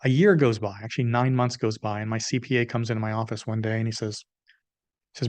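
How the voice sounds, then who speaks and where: Animated storytelling businessman in his fifties. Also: on the low side, fast, no room sound. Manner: animated storyteller, acts out dialogue. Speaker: guest, business consultant. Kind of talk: storytelling interview answer. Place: podcast recording.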